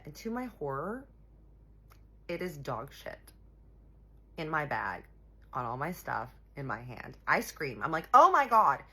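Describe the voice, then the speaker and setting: A young woman telling a personal story in a sassy, animated way, talking straight to her viewers. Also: low-pitched, slightly rough. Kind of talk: casual storytime.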